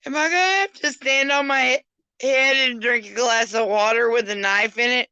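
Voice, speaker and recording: A woman's voice: fairly high pitch, steady tone, normal speed, pushed and bright, smooth, no room sound, muffled recording. A woman livestreaming casual chat while hiccuping, rambling and swearing with self-mocking asides.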